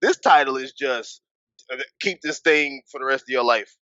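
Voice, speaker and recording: A man co-hosting a wrestling podcast, talking in a casual, animated way and swearing, with his voice jumping high when he gets worked up. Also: moderate pace, no room sound, lo-fi sound. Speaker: podcast co-host. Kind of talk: casual wrestling recap chat.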